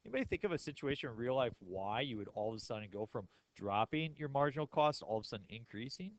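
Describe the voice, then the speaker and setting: A man teaching a math class in a relaxed, joking way, tossing questions to his students. His voice sits at an ordinary middle pitch. The sound is dry and close, with no echo. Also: fast, dull audio. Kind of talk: classroom lecture.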